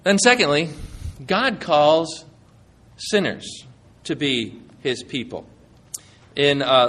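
A man's voice: on the high side, a bit bright. A man preaching a sermon in a conversational, folksy manner, using plain everyday talk.

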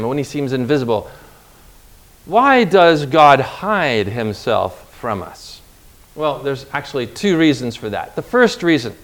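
A man preaching a sermon in a conversational way, putting rhetorical questions to his listeners and pushing his voice up sharply for emphasis. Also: medium pitch. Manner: emphatic, voice jumps up on acted pleas.

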